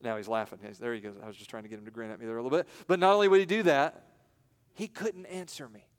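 A man preaching a sermon in a church, with dramatic pauses, and acting out the voices in the stories he tells. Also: mid-range voice, fairly even intonation, in a large hall. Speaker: pastor. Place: church sanctuary.

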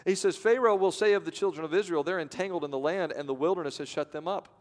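A man pastor preaching a sermon, swinging from loud to hushed and acting out voices. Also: on the high side, fast. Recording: long reverb of a large hall.

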